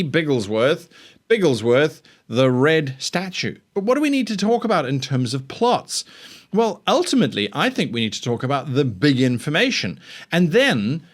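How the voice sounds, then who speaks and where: Animated man giving game master tips. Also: on the high side. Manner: chatty, animated, self-deprecating. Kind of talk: casual instructional talk.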